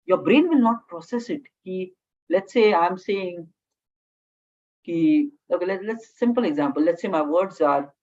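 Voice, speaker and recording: A woman with an Indian English accent gives a classroom lecture as a communication trainer. Her voice sits fairly low, and she breaks her points into short phrases punctuated by "okay?". The recording sounds dull and lo-fi. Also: lively intonation, measured pace, a little mellow. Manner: talks in short phrases with frequent "okay?" check-ins, mixes Hindi into English.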